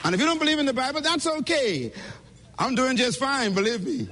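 A man's voice: very high voice, animated, a little fast, fairly bright tone. A man giving an emphatic, preacher-like motivational speech at a conference, speaking directly to the audience, recorded in a reverberant hall.

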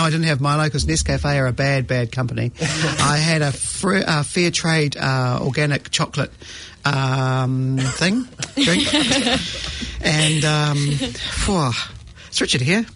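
A man's voice: on the high side, fairly bright tone, a little hiss or hum. A man with a New Zealand accent hosting a radio arts show in a studio, chatty and self-mocking. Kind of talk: casual radio chat.

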